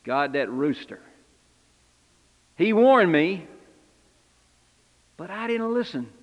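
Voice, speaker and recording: Simon Peter, an earnest high-voiced fisherman-apostle, played by a preacher. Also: big pitch swings, takes it slowly, big-room sound, highs cut off, heavily acted. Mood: reflective. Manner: earnest, confessional storytelling, addressing the congregation. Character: Simon Peter, impulsive repentant fisherman turned apostle, male adult. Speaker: preacher in character. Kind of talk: first-person dramatic sermon monologue.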